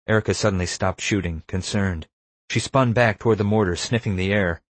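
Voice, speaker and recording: A man narrates a first-person adventure story in a steady, measured delivery. His voice is low and sits deep in his chest. The recording is dry and close, with no room sound at all. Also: no room sound. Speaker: audiobook narrator.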